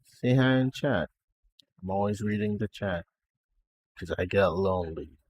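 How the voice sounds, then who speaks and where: A man's voice: fairly low pitch, unhurried, darkish tone, slightly rough. A young Nigerian man speaking in a put-on generic American-Canadian accent, chatting casually on a live stream and often laughing at himself. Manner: chatty and self-amused, laughing between remarks.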